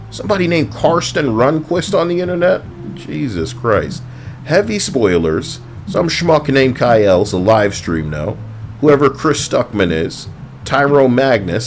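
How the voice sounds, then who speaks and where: A man's voice: fairly high pitch, slight background noise. A man giving a heated, profane, sarcastic movie review as a ranting vlogger.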